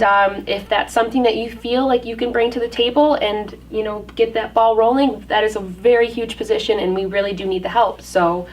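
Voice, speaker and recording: A woman being interviewed as a community project organizer, speaking earnestly and casually with lots of ums. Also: mid-range voice. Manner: earnest, filler-heavy, with frequent ums. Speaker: guest, dog park organizer. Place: community hub building, indoors. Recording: distant mic, faint room noise.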